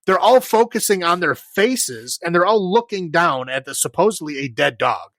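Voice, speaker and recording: A high-pitched man co-hosts a podcast, rambling through a casual movie review with lots of fillers and frequent laughs as he criticizes. His voice is a bit bright with lively intonation and a moderate pace, and there's no room sound.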